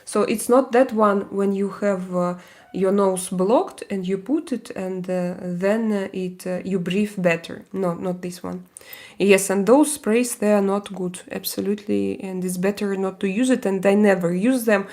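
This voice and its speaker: With a medium-pitched, steady, slightly mellow voice, a Russian-accented woman runs a casual live stream and answers viewer comments. She speaks haltingly, leaning on fillers and laughing often.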